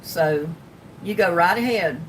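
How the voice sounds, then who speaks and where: An older woman with a North Carolina Southern drawl, chatting casually and rambling on her livestream as she answers viewers. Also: measured pace. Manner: rambling, folksy, with frequent ums and laughs. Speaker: livestream host. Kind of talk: casual livestream chat reading comments. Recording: distant mic with faint rumble.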